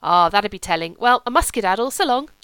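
A woman's voice: medium pitch, expressive, fast talker, fairly bright tone, clean tone, dry recording. A woman reading a novel, voicing a furtive little red-headed Englishman with cheeky, chummy banter.

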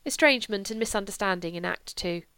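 A woman's voice: mid-range voice, fast, bright, forceful tone, smooth, no room sound. Woman reading as a wry, detached young man.

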